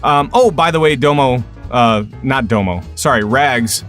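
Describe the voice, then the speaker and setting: A man's voice: medium pitch, unhurried, fairly bright tone, faint music behind. A man hosting a gaming podcast, reading plugs and chatting loosely with plenty of fillers. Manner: rambling, filler-heavy, laughs easily. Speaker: podcast host. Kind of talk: casual podcast chat.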